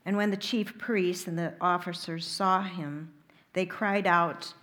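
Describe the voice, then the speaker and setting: Woman lector, liturgical Gospel reading, deliberate delivery, slightly low voice, slow pace. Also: a bit bright. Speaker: reader.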